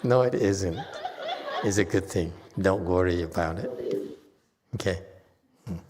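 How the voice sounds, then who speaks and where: A Buddhist teacher giving a Dharma talk and answering questions, animated and chuckling, often repeating himself. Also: male voice, deep voice, unhurried, long reverb tail, noisy background.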